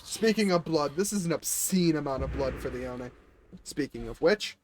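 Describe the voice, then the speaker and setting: A man's voice: on the high side, animated, normal speed, slight background noise. A man who is a little sick, chatting casually with viewers and players as he streams a game.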